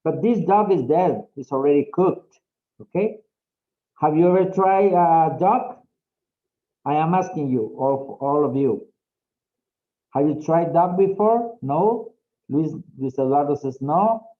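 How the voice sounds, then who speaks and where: A man's voice: fairly high pitch, slow pace, long pauses, muffled recording. A man teaching an English class over a video call, patient and encouraging. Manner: patient, encouraging, repeats okay often.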